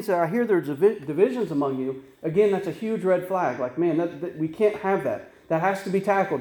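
A man's voice: high-pitched, a little mellow, echoey room. A man preaching a sermon as pastor, earnest and conversational, with frequent restarts and tag questions.

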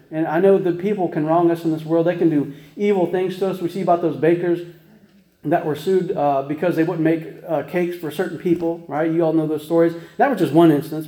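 A man's voice: fairly high pitch, warm tone, echoey room, low-quality recording. A man preaching a casual sermon, chatty and folksy, with many restarts and laughing at himself as he tells stories.

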